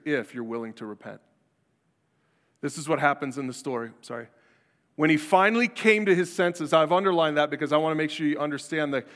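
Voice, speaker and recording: A man's voice: on the high side, fairly bright tone. Guy preaching in a church, talks casual, acts out the quotes, big hall reverb. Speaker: pastor. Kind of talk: sermon.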